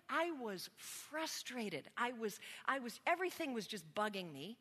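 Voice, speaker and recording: A woman serving as a church's spiritual formation pastor delivers a sermon in a relaxed, storytelling way, poking fun at herself. Her voice sits a bit high and rings bright. The long reverb of a large sanctuary trails behind every phrase. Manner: conversational, self-deprecating storytelling.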